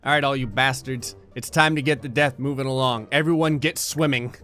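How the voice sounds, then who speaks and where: A man's voice: mid-range voice, steady tone, a little fast, sharp tone, soft background music. A young man giving comedic commentary over a life-simulation game, sarcastic and mocking, often slipping into little voices for the characters. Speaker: gaming YouTuber.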